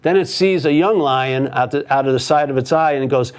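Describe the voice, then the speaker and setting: A man's voice: medium pitch, a little fast, clean tone. A man, a spiritual teacher, telling a story casually and often checking in with "yeah?". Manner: casual, animated, tags with "yeah?". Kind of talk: storytelling in a conversation.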